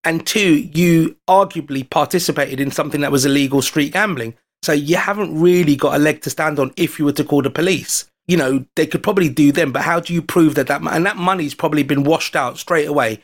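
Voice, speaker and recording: A man's voice: fairly high pitch, a little fast, few pauses. A man with an English accent, from London, telling an anecdote in casual podcast chat and acting out his own quoted lines. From London, England. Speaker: podcast guest.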